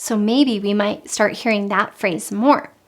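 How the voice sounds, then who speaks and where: Calm, earnest woman coaching parents. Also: medium pitch, measured pace. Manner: calm, earnest, with frequent repetition. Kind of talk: instructional parenting talk.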